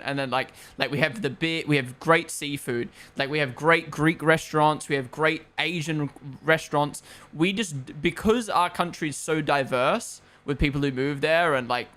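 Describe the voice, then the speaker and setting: On a live stream, a young Australian or New Zealander hosts a race watchalong through a gaming headset, chatting casually in a rambling, opinionated way and swearing freely. His voice sits on the high side with a fairly bright tone.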